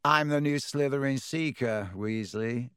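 A man's voice: fairly high pitch, unhurried, clear, resonant tone, no room sound, studio quality, natural voice. A man voicing a smug, sneering rich schoolboy with a contemptuous drawl in a storybook reading.

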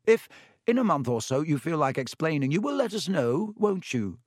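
A man's voice: mid-range voice, lively intonation, normal speed, no echo, clean studio sound, lightly acted. A man voicing a grumpy, sarcastic schoolboy who drawls his complaints irritably.

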